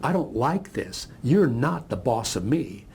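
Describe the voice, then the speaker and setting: A man doing a defiant, gravelly lion. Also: mid-range voice, sing-song, unhurried, darkish tone, a little hiss or hum. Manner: defiant, firm. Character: defiant male lion seeking freedom.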